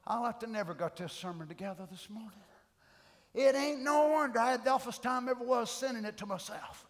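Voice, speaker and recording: A middle-aged man preaching a sermon, shouting fervent declarations between folksy asides. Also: very high voice, fairly quick. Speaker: pastor. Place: church sanctuary. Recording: long church hall reverb.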